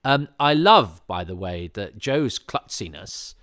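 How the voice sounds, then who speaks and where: A man's voice: lowish voice, big pitch swings, slow pace, a bit bright, no room sound, studio quality. A man hosting a podcast, talking through an episode in a casual, rambling commentary full of restarts and fillers, amused as he goes. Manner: chatty and amused. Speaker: podcast host.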